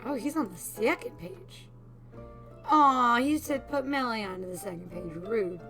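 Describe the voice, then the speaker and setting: Playful female game streamer, bright and slightly high-voiced, casual quick commentary. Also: faint music behind. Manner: playful, giggly, quick asides.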